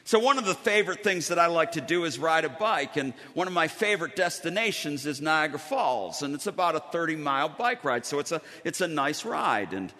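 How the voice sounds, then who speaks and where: A man delivers a sermon in a church sanctuary, his bright voice rising and falling with lively storytelling and dramatic pauses. A long reverb from the hall trails each phrase. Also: a little high. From Western New York. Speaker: pastor.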